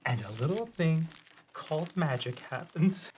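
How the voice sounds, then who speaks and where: A man's voice: fairly high pitch, unhurried, darkish tone, a little hiss or hum. A man co-hosting a casual comedy chat, self-deprecating and playful, often laughing. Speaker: co-host.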